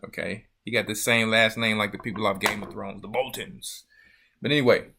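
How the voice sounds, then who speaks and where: A man's voice: on the low side, steady tone, quick pace, vocal fry, background noise. A man, a church elder, hosting a loose, joking livestream chat with viewers. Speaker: church elder and show host.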